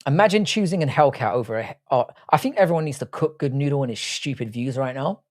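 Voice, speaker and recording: A man's voice: medium pitch, animated, fast. A young man hosting a casual live stream, teasing his chat and swearing freely. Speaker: livestream host reading chat.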